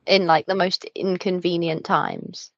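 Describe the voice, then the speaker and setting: A woman's voice: fairly low pitch, steady tone, a little slow, gravelly, no echo. A woman player in a tabletop game, talking playfully and teasingly. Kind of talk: casual tabletop play. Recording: dull lo-fi audio.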